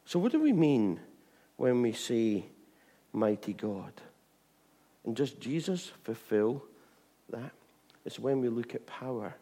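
A man preaching an informal sermon, chatty with repeated asides, swinging from bright emphasis to hushed tones. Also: mid-range voice, big pitch swings, takes it slowly, pauses often. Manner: chatty, with frequent "you know what I mean" and restarts.

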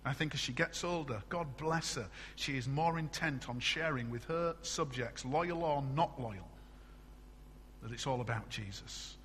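A middle-aged man from England preaching a sermon in a church, animated and conversational, often asking the congregation questions. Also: mid-range voice, unhurried, in a large hall, a little hiss or hum. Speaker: pastor.

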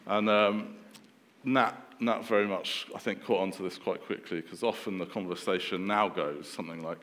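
A man in his thirties preaching a sermon in a relaxed, conversational way, with fillers and restarts. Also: low voice, moderate pace, big-room sound.

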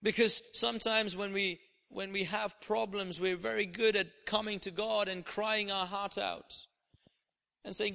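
High-voiced passionate preacher in a hall. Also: male voice, steady tone, measured pace, vocal fry. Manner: impassioned preaching, swings from soft prayer to loud declarations. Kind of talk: sermon. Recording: long hall reverb.

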